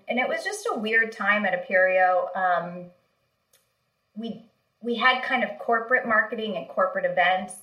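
Bright-voiced woman telling stories animatedly. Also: mid-range voice, reverberant, poor audio. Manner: animated, laughs often, many fillers. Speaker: guest, marketing executive. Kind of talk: casual interview storytelling.

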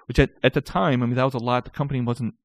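A man telling stories about his sales career in a casual, animated way, often stammering and restarting his sentences. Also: mid-range voice, racing, dry recording. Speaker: guest recounting sales career. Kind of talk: casual storytelling.

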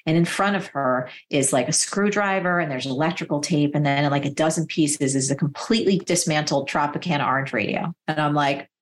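A woman in her forties from New Jersey tells personal stories as a guest. Her voice sits a little low. She talks vividly and casually, peppering her sentences with "like.". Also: fairly quick, few pauses, a little hiss or hum. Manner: lively, vivid anecdotes full of "like" fillers. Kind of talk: personal storytelling in conversation.

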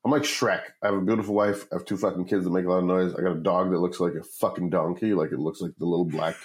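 A man with a fairly low voice tells a long, rambling story in a casual interview, full of swearing. He acts out the people he quotes with lively jumps in his delivery. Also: fast, rough recording. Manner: profane, rambling, animated quoting of others. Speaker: guest, startup founder.

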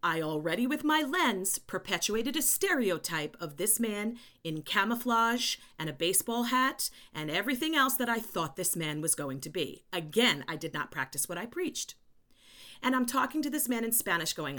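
Animated, bright-voiced woman telling a story. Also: mid-range voice, normal speed. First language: English. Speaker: language educator and consultant guest. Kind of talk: storytelling in a podcast interview.

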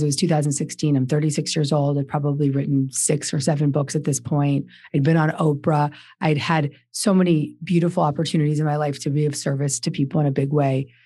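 A woman's voice: deep voice, warm tone, dry recording, clean studio sound. A woman in her forties, a guest author on a podcast, telling her personal story earnestly with emphatic repeated questions.

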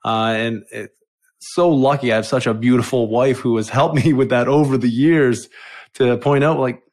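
A man's voice: mid-range voice, fairly even intonation, normal speed, darkish tone. A middle-aged man with a mid-range voice speaks as a guest on a podcast. His talk is earnest and reflective, and he repeats phrases to drive a point home. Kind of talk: casual podcast chat.

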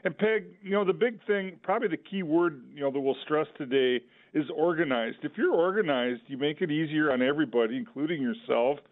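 A man's voice: on the high side, brisk, hardly any pauses, phone-quality sound. A man, a financial advisor and regular on a radio show, talking in a rambling way with many "uh"s. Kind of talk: radio talk show chat.

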